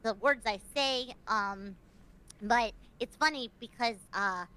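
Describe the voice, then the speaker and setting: A woman streamer chatting on a convention panel, excitable and prone to gasps and squeals. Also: a little high, takes it slowly, clear, resonant tone, low-quality recording. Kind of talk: casual panel chat.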